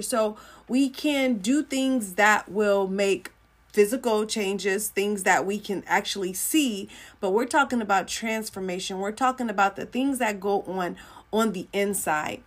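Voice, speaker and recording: Woman teaching faith on a livestream. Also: medium pitch. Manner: conversational, repeats phrases for emphasis; acts out little dialogues in shifting voices.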